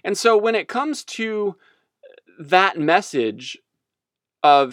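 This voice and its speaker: A man in a casual, joking teaching talk, his pitch jumping all over. The sound is dry and close with no room at all. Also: slow, no room sound. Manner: rambling, jokey, animated. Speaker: speaker on faith.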